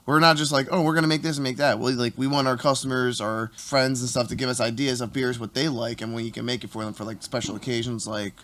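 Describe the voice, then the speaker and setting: A man's voice: mid-range voice, steady tone, fairly bright tone. A man hosting a casual podcast, chiming in and earnestly explaining his home brewing plans. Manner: quick, earnest, affirming interjections. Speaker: podcast host, homebrewer.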